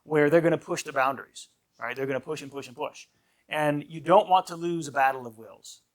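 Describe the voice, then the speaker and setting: A priest teaches a marriage class as an informal, conversational lecture, often checking in with "right?" and acting out short quoted lines from kids and parents. His male voice is a little high and fairly quick.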